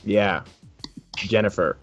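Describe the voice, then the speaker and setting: A man's voice: lowish voice, slow. A man narrating as game master of a tabletop game, teasing the players and laughing often. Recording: muffled lo-fi audio with faint music.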